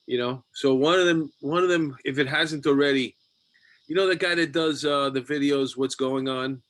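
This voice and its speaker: A man's voice: mid-range voice, normal speed. A man, a guest comedian, telling stories in a casual chat and acting out voices. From New York. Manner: animated storyteller, acts out voices. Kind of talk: casual storytelling.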